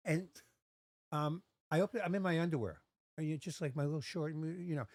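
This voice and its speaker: Clean studio audio with no room sound captures a man in his sixties with a fairly high, brisk voice. He's chatting casually on a podcast, sharing a personal story and animatedly performing the voices of its characters.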